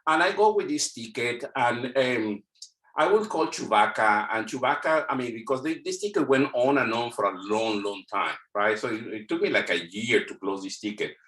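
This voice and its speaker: Over a video call with a roomy echo, a middle-aged Mexican man whose first language is Spanish tells stories in accented English for a casual interview. He's animated, often restarting and repeating words, with a mid-range, fairly bright voice at normal speed.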